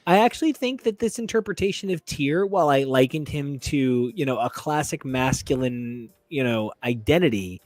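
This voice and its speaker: A man's voice: medium pitch, lively intonation, moderate pace, few pauses, darkish tone, no echo. A man co-hosting a casual comic book podcast, joking and riffing on asides. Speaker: podcast co-host. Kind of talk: casual chat.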